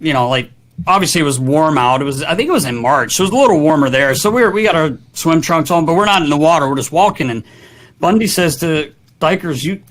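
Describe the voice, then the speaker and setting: A man's voice: fairly high pitch, expressive, fast, fairly bright tone. A man co-hosting a podcast, telling a story in a rambling, filler-heavy way. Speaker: podcast co-host, former hockey player. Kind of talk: casual chat.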